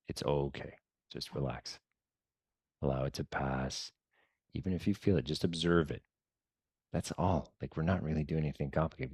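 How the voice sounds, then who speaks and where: A man leading a meditation lesson in a relaxed, chatty way, often dropping to soft murmurs and mumbling. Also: very deep voice, no room sound, clean studio sound. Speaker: meditation guide. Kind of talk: casual guided-meditation talk.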